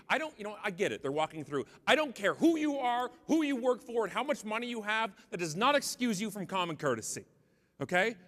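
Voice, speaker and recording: Animated man storytelling in a reverberant hall. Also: sits high, fairly quick. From Canada. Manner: animated, mock-angry outbursts. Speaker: keynote speaker. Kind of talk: comedic keynote storytelling. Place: large conference hall.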